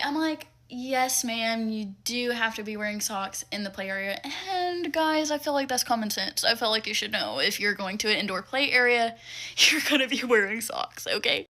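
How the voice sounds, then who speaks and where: A young woman telling a casual storytime about a rude customer, animated and exasperated, acting out the dialogue. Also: on the high side, moderate pace.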